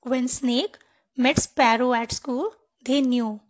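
A woman reading a children's story aloud as storyteller, in a gentle, expressive way. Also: high voice, slow pace. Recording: dull lo-fi recording.

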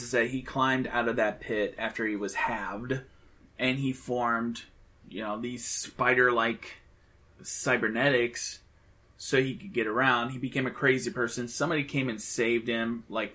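A man's voice: medium pitch, measured pace, sharp tone. Chatty man rambling about a movie. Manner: chatty, enthusiastic, rambling with fillers. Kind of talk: casual movie review chat.

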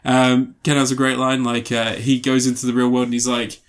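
A man's voice: mid-range voice, little pitch movement, fairly quick, clean tone. A young man co-hosting a podcast, casually and enthusiastically recounting film scenes with lots of fillers. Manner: enthusiastic, rambling scene retellings with many fillers. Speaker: podcast co-host reviewing films. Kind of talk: casual chat.

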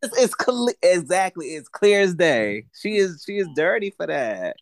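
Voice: medium pitch, big pitch swings, moderate pace, gravelly, dry recording, clean studio sound. A podcast co-host in a casual chat, giving blunt, firm opinions.

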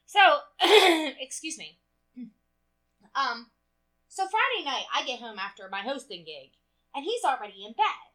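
A woman co-hosting a casual chat show, telling animated stories, acting out dialogue and swearing freely. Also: high-pitched, a little slow, pauses often. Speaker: podcast co-host.

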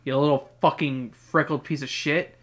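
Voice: medium pitch, moderate pace. A podcast host reading a children's book aloud and riffing on it with profane, sarcastic jokes. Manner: profane, sarcastic, swings from flat reading to loud outbursts.

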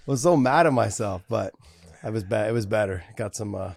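Sick, low-energy man in a podcast chat. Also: fairly quick, gravelly, no echo. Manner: quiet, rueful, laughing at himself, profane. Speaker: podcast co-host. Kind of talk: casual chat.

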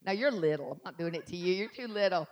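A middle-aged woman, preaching a sermon and swinging from soft asides to loud, drawn-out emphasis. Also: on the low side, animated. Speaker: pastor.

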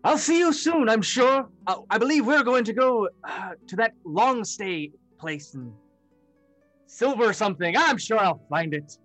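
A man voicing an excitable, cheerful male toymaker in a high, loud, eager voice. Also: a little slow, no echo, soft background music.

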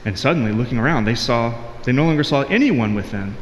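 A man's voice: mid-range voice, animated, fast, reverberant, long reverb tail, slight background noise. A married man giving a conversational, earnest sermon as a pastor, with frequent restarts.

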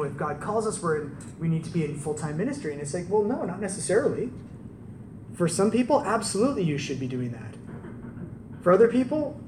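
Guy preaching, chatty storytelling sermon, higher voice, echoey room, mic kinda far off. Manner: conversational, animated storytelling with rhetorical questions. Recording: roomy, distant mic with faint background noise.

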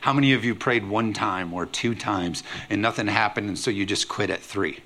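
A man pastor preaching a lively sermon, acting out quoted voices with humor. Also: lowish voice, normal speed.

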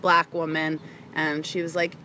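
A woman's voice: low-pitched, little pitch movement, measured pace, bright, forceful tone, a little hiss or hum. A woman guest in a casual podcast chat, frank and candid, laughing easily as she talks.

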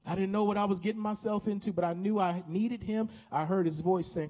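A man's voice: high voice, steady tone, brisk, a little mellow. An American man in his fifties, a pastor preaching an impassioned sermon with an altar call in a church, repeating his appeals. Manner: impassioned, repetitive exhortation. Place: church sanctuary.

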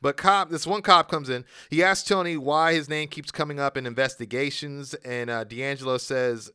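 A man's voice: mid-range voice, fairly even intonation, moderate pace, hardly any pauses, pushed and bright, clean tone, no room sound, clean studio sound. A man casually recapping a wrestling show on a podcast, rambling with fillers and restarts. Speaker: podcast co-host.

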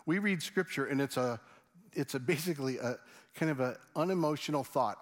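A middle-aged man preaching a sermon, swinging between loud excited stories and hushed, earnest appeals. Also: mid-range voice, fairly quick. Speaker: pastor.

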